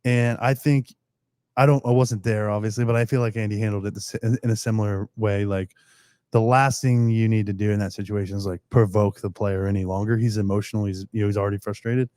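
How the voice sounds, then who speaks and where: A man chats casually as a podcast guest, telling lively stories and acting out what others said. His voice sounds dry and close, with little room sound. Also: fairly low pitch, fast talker, dry recording. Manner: animated storytelling with acted-out quotes. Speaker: pro football long snapper guest.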